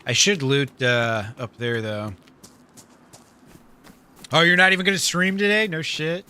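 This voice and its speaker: A man's voice: a little high, fairly even intonation, measured pace, bright, forceful tone, clear, resonant tone. A man live-streaming a survival game, chatting casually with his viewers, laid-back, laughing often and swearing freely.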